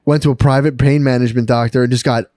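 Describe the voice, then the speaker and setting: A man's voice: medium pitch, fairly even intonation, quick pace, dark tone, no echo, clean studio sound. Laughing, swearing man telling a rambling story. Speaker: podcast co-host. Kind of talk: casual podcast chat.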